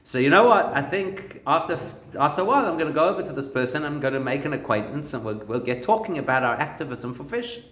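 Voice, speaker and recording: An excitable vegan man , as a rabbi puts him on mid-lesson, talking eagerly with his voice pitched well above normal. He is heard in a roomy space with plenty of echo. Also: fast talker, hardly any pauses, a little hiss or hum. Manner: eager, then indignant. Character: indignant male vegan diner, excitable.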